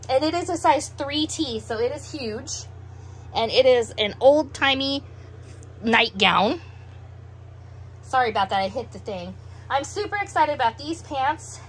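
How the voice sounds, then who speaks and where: A middle-aged woman with heavy breathing after a meal, chatting in an unhurried, musing way as she shows off a clothing haul at home. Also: high-pitched, expressive, slight background noise. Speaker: doll collector showing a clothing haul. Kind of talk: casual show-and-tell vlog.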